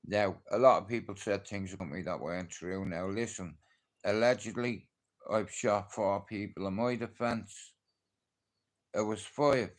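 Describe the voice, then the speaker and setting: A man's voice: on the low side, measured pace. A middle-aged man with a Dublin accent telling a street story on a casual livestream, acting out the people in it. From Ireland. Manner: animated, acts out the people in his story. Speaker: livestream host.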